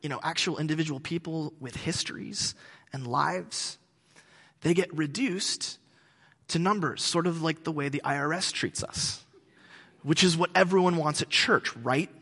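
Man, pastor, casual joking sermon, high voice, echoing hall. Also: moderate pace, sharp tone, slightly rough. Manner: conversational, joking asides.

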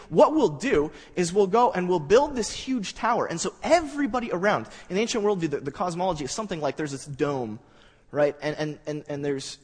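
A man giving a sermon in a conversational, halting way that builds to animated stretches. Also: sits high, in a large hall. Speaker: pastor.

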